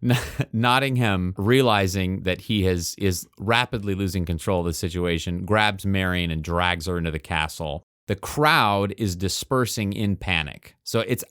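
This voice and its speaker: Podcast co-host, male, lower register, dry sound; animated recapper who acts out quotes. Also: measured pace, hardly any pauses, clean tone, no room sound. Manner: animated storyteller acting out quoted lines. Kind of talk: casual movie recap.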